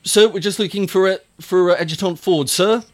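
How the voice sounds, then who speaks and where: A man's voice: high-pitched, a little fast, voice pushed up, lightly acted. A needling female trooper sergeant, as a man puts her on for a tabletop game, with a voice raised well above his own. She talks in clipped, dutiful phrases and ends nearly every one with "sir." She sounds mock-deferential. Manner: clipped, tacks "sir" on again and again.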